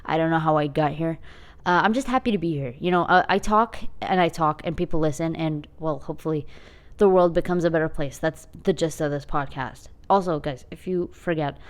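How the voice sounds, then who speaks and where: A young adult woman hosting her own podcast, talking alone in a chatty, self-mocking way with quick asides. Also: low voice. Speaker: podcast host. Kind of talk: casual solo podcast monologue.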